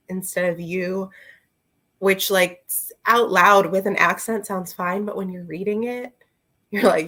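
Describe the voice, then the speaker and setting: Woman booktuber, slow rambling chat, loose and unscripted, filler-heavy. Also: on the low side, steady tone, pushed and bright. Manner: rambling, chatty, full of fillers and asides; talks to her viewers and a friend directly. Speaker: book reviewer. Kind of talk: casual book review chat.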